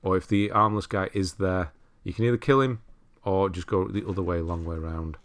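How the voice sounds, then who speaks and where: Male game walkthrough host, deep voice, casual and self-deprecating. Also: a little fast. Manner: relaxed, chatty, laughs at himself, self-correcting. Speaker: walkthrough commentator. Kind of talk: casual gameplay commentary.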